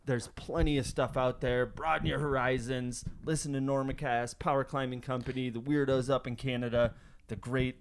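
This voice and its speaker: A man co-hosting a climbing podcast, talking in a relaxed, rambling, jokey way with lots of fillers. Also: medium pitch, moderate pace. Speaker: podcast co-host. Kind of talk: casual chat.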